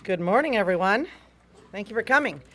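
Woman at a press conference, mid-pitched voice, loose and conversational, lots of um and uh. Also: lively intonation, a little fast, a bit bright. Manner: conversational, with frequent fillers. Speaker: legislative leader. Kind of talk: news conference remarks. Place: news conference room.

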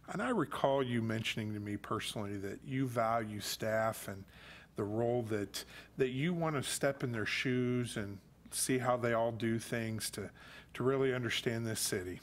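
A middle-aged man speaking as a council member at a city meeting, folksy and joking as he addresses staff. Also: medium pitch.

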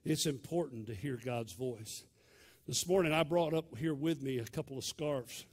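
A male pastor, preaching a sermon in a dramatic storytelling way that swings from loud to hushed. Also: medium pitch, normal speed, breathy edge.

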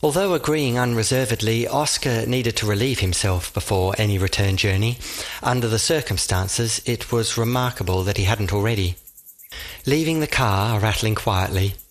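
A man reading a whimsical audiobook, narrating in a measured storytelling manner with dry humor. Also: fairly low pitch.

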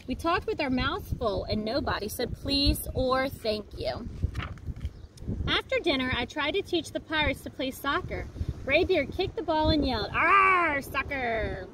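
A woman reading a picture book aloud in a lively, expressive storytelling manner, outdoors by a lakefront. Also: high voice, moderate pace. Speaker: storybook reader. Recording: noisy outdoor recording.

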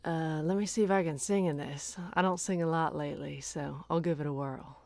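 A woman's voice: sits low, fairly even intonation, brisk, gravelly, darkish tone, dry recording. A woman streaming from her room, chatting casually, laughing often and thanking viewers, her voice tired at the end of the day. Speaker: streamer and voice actor. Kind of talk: casual livestream chat.

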